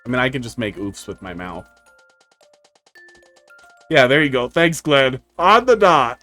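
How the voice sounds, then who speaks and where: A man's voice: mid-range voice, animated, measured pace, sharp tone, no echo. A man streaming a video game, chatting casually with viewers and telling rambling, profane tech stories with dry humor. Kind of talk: casual live-stream chat. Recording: faint music underneath.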